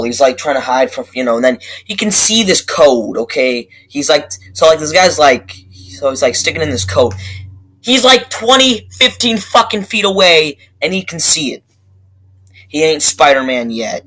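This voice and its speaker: A young man giving a casual movie review, rambling and excitable, swearing constantly and restarting his sentences. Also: on the high side, moderate pace, low-quality recording. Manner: profane, excitable, rambling with many fillers and restarts.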